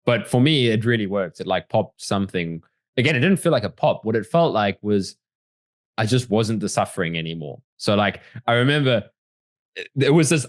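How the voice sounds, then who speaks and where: A man's voice: fairly low pitch, a little fast, no room sound, studio quality. A man as the guest in a casual interview, talking reflectively and animatedly with many fillers.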